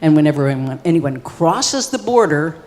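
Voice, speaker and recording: A woman acting out an eager male poet, shouting his sales pitch, booming hall reverb. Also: animated, normal speed. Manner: loud, insistent, salesman-like pitch. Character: fired-up male ancient Greek poet pitching a scheme. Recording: long reverb of a live hall.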